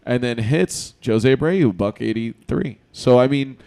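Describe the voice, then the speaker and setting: A man hosting a podcast, chatting casually and excitedly about baseball and teasing his guest. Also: mid-range voice, unhurried, vocal fry. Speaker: podcast host. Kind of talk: casual sports chat.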